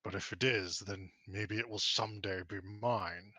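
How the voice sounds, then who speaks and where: A huge old dragon drawls in a slow, guttural, condescending way, as a game master puts him on. The voice is fairly low and bright, recorded dry and close. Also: male voice, steady tone, no echo. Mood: sly menace. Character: huge old male dragon, lazy and menacing.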